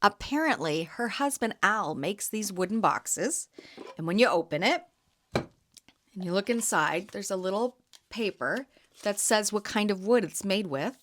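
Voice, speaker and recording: A woman in her thirties from Canada, hosting a podcast and telling a chatty story with quick laughs. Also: medium pitch, animated, a bit bright. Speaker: podcast host and jam vendor. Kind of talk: casual storytelling.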